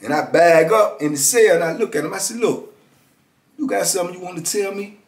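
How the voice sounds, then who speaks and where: Man, middle-aged, casual prison storytelling, animated, slightly high voice, roomy echo. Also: fairly quick. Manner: animated, acts out quotes, frequent "you know what I'm saying".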